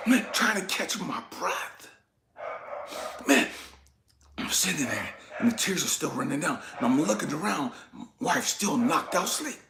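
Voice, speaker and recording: Animated, tearful man in an echoey room. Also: on the high side, normal speed, gravelly, noisy background. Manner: swings between hushed whispers and shouted pleas; raw, tearful, swears freely. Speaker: spiritual vlogger. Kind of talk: impassioned personal testimony.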